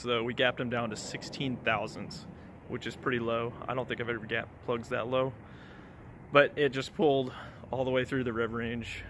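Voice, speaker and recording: A young man talks through his car project in a loose, excitable vlog style, cursing as he goes. His voice sits at an ordinary middle pitch, with faint outdoor street and engine noise underneath. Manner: excitable, swears casually. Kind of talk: casual vlog chat. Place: outdoors at a garage and dyno shop.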